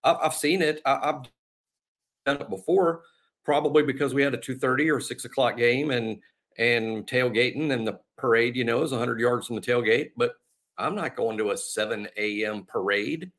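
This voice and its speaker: A man's voice: medium pitch, moderate pace, fairly bright tone. Easygoing male podcast co-host. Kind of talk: casual sports chat.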